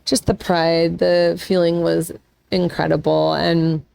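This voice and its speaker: A woman's voice: lowish voice, flat delivery, slow pace, creaky, a little mellow, clear, resonant tone, no echo. A woman in her forties hosting a podcast, telling a personal story in a casual, rambling way, emotional and close to tears. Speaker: podcast host.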